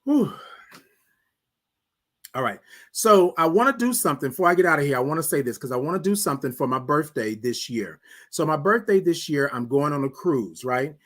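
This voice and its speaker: A man hosting a morning show, giving a preacherly talk on self-care, repeating phrases and dropping his voice low on refrains, calling listeners "y'all". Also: expressive, fairly quick, a bit bright. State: emotional. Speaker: host.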